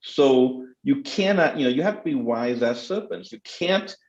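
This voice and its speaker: A man's voice: medium pitch, animated, moderate pace, a little mellow, reverberant, muffled recording. A middle-aged man, a theologian answering questions in a panel talk, speaking with passion and emphasis.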